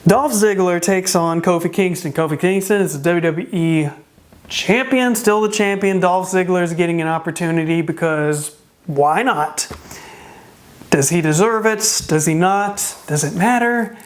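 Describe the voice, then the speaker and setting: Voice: mid-range voice, a little slow. A wrestling show reviewer in a casual spoken review, sarcastic and full of rhetorical questions, with a voice that is starting to give out. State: starting to lose voice.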